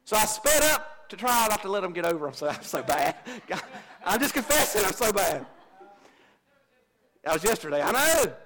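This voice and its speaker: A man's voice: sits high, big pitch swings, moderate pace, a bit bright. A middle-aged man, a pastor preaching a folksy, confessional sermon and joking with his congregation. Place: church.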